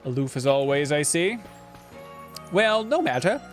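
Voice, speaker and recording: A man's voice: fairly high pitch, sing-song, unhurried, soft background music. A man reading the lines of a chatty, bumbling male professor in a jolly, old-fashioned way. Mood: jovial.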